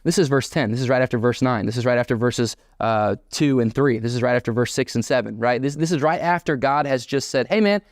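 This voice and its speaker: A man preaching a sermon as pastor, animated and emphatic, voicing quoted dialogue in bursts. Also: medium pitch, fairly quick, hardly any pauses, dry recording, clean studio sound.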